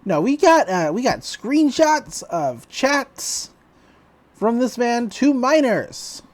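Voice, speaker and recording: A woman's voice: on the high side, very animated, darkish tone. A woman co-hosting a podcast, chatting casually as she retells an episode and laughs along. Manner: chatty, retells scenes with quick voices and laughs. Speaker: podcast co-host.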